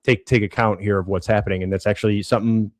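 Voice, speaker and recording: Podcast co-host, man, very low voice, casual and stumbling, dry studio sound. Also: level tone, no room sound. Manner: halting, many restarts and fillers. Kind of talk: casual conversational explanation.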